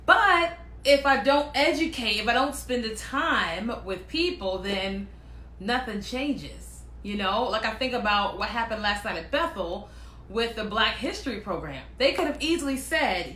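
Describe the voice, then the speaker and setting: A woman chatting casually and telling personal stories, animated and quick to act out what other people said. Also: a little high, echoey room. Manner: animated, acts out quoted voices, laughs often. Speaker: speaker sharing personal stories. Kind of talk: casual storytelling monologue.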